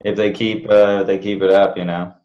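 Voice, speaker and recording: A man co-hosting a podcast, dropping dry, deadpan quips in casual comedic chat. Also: low voice, normal speed, muffled recording. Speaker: podcast co-host. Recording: roomy echo.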